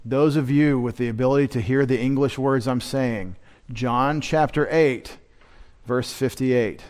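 A man, a pastor, giving a midweek sermon in church, teaching in a lecturing way and rising in pitch and volume to stress key words, with wry asides to the congregation. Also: unhurried, a little mellow.

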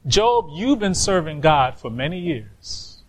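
A man putting on a scornful, pleading wife who keeps hammering her suffering husband with questions. Her voice sits up high. She talks slowly and pointedly, in the middle of a sermon. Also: sing-song, poor audio.

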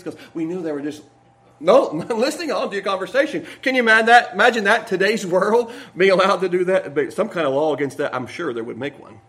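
A man's voice: sits high, expressive, fast, fairly bright tone. A man preaching a sermon, reading scripture aloud and putting earnest questions to the congregation. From United States.

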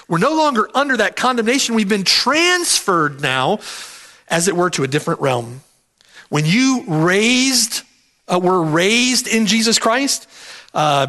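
Male preacher, high and bright voice, emphatic verse-by-verse sermon with lots of repetition. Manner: emphatic, repeats key phrases, asks "right?". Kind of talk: expository sermon.

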